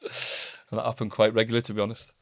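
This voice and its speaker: A man's voice: on the low side, monotone, quick pace, dry recording, studio quality. A man, telling old dressing-room stories in a rambling, casual podcast chat. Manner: rambling storyteller, restarts and acts out quotes. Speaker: podcast co-host.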